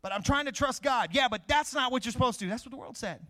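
A man's voice: very high voice, lively intonation, quick pace, bright, forceful tone. A middle-aged man preaching a sermon, asking questions and answering them himself.

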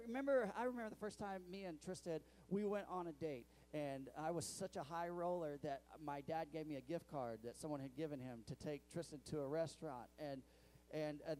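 Mellow-voiced young male pastor preaching. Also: fairly high pitch. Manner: storytelling and conversational, with many restarts. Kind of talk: sermon. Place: church sanctuary.

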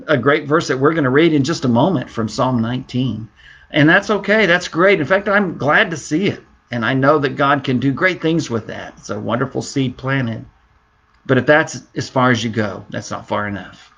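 Middle-aged male pastor, mid-pitched voice, earnest devotional teaching, repeats key words. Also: a bit bright, lo-fi sound.

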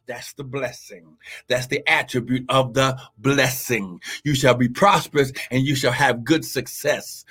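A man preaching a livestreamed sermon, reading scripture and breaking into fervent shouts, exclamations and call-and-response questions. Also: high-pitched. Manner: reads scripture aloud and breaks off to exhort listeners.

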